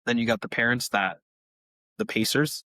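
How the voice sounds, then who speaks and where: A man in his thirties, a podcast co-host and youth softball coach, chatting casually and acting out quotes in a raised voice. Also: medium pitch, normal speed, dry recording. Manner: animated, acts out quotes in a raised voice. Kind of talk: casual chat.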